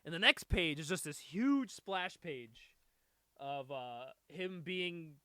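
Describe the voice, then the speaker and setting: A man with a high, bright, sharp voice hosts a casual comic book chat. His pitch swoops up and down constantly as he talks. He laughs often and swears freely. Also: animated, slow pace, clear, resonant tone, no echo. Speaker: podcast host.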